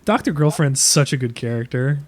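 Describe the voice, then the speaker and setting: Animated, joking male streamer. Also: mid-range voice, a little fast. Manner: joking, swears, reads dialogue aloud. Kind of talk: casual game stream commentary.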